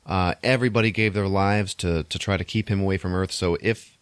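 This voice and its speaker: A man's voice: deep voice, brisk, hardly any pauses, clear, resonant tone, no room sound. A man co-hosting a podcast, casually recapping a movie plot with lots of swearing. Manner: animated retelling with crude swearing. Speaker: podcast co-host.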